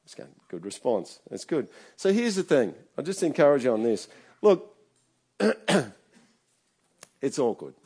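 A man's voice: a little high, very animated, slow pace, long pauses, mellow, breathy edge. A middle-aged man preaching a conversational sermon, often checking in with his listeners. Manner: chatty, keeps checking in with the congregation. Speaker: pastor.

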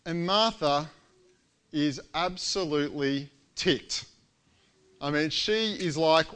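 Animated high-voiced preacher. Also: male voice, takes it slowly, pauses often, clear, resonant tone. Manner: animated storytelling, acts out quoted lines. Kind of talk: sermon.

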